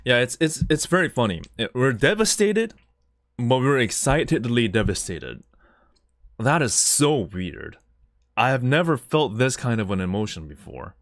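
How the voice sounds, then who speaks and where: A man's voice: medium pitch, very animated, moderate pace, no room sound. A man streaming live, reacting emotionally and stammering as he repeats his words.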